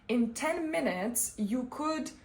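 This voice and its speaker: Speaking slowly in a high voice, a young adult woman vlogs to camera as a coach would, chatting in a relaxed, expressive, personal way and often bursting into laughter.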